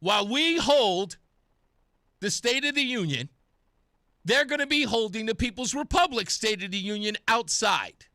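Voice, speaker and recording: Male talk radio host, high and lively pitch, slow, sarcastic and indignant. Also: no room sound, studio quality. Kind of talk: political talk radio commentary.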